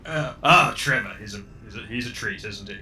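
A man's voice: lowish voice, brisk, pushed and bright, a little hiss or hum. A man voicing an awkward, formal alien doctor who speaks hesitantly.

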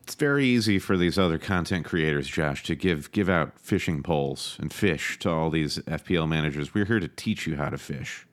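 A man's voice: rumbling low, expressive, moderate pace, hardly any pauses. A man co-hosting a podcast in casual chat, wry and confident. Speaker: podcast co-host.

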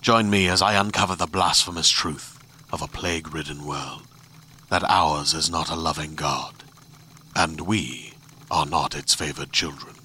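A man voicing a brooding male heretic monk turned plague investigator, speaking in solemn, deep dramatic narration. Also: fairly even intonation, a little slow, pushed and bright, husky, full character voice. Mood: grim.

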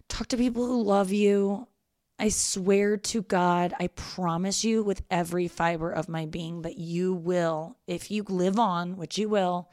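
Blunt, profane woman with a gravelly voice. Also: fairly low pitch, no room sound, clean studio sound. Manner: blunt, profane, frank and reassuring. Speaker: podcast host giving advice. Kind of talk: casual advice podcast.

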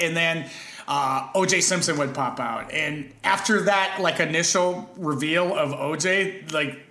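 Rambling man with a slightly high voice. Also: pushed and bright, reverberant. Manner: rambling, halting, laughs often. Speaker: podcast guest, actor. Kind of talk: casual storytelling chat.

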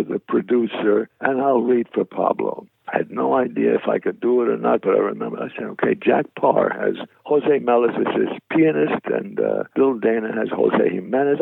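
An older man, an actor, telling lively anecdotes about his career in an interview, acting out the voices of people he quotes. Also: on the low side, normal speed, few pauses, dry recording. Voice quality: gravelly. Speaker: actor guest. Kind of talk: storytelling interview. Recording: dry tinny phone-line radio audio.

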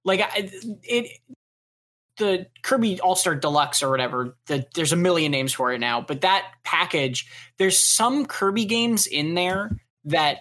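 A man's voice: high voice, lively intonation, measured pace, sharp tone. Casual male podcast co-host, rambling and chatty. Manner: rambling, filler-heavy. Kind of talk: casual chat.

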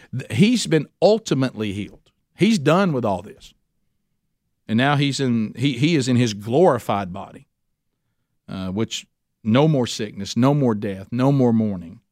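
A man's voice: medium pitch, darkish tone, no room sound. Guy preaching, casual and folksy, keeps restarting and tossing in asides, dry close sound. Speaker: pastor. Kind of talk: sermon.

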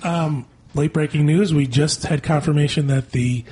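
Wisecracking man with a husky voice. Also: a little high, fairly even intonation, normal speed, warm tone. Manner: dry, wisecracking. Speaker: podcast co-host. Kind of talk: casual chat.

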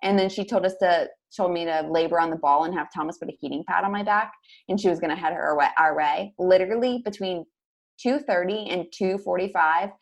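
A young woman telling a personal story as a podcast guest, chatty and full of fillers. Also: fairly low pitch. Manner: fast, chatty, lots of "like". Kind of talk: casual storytelling.

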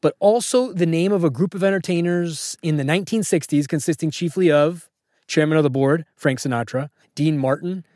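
A man's voice: a little high, fairly quick, a little mellow, dry recording, studio quality. A man hosting a podcast in casual chat, wry and joking, packed with trivia. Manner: wry, joking, fact-heavy. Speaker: podcast host.

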